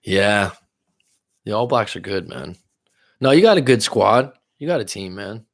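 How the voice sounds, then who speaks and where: Low gravelly man chatting live. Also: expressive, a little slow. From California. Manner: reads viewer comments aloud and answers them; loose, rambling, with fillers and restarts. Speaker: relationship coach hosting a live stream. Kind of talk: casual live-stream chat.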